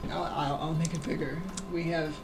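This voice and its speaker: A woman drawing fan art on a casual livestream, chatting with viewers in an excitable, giggly way. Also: sits low, normal speed, background noise.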